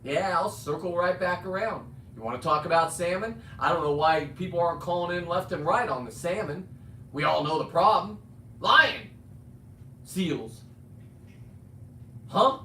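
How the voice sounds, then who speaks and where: A man's voice: on the high side, lively intonation, a little slow, long pauses, sharp tone. Middle-aged male streamer, blunt, rambling, off-mic in an echoey room. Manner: blunt, rambling, swears and restarts. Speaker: livestream host. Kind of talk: ranting livestream monologue. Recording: roomy sound, distant mic, faint ambient noise.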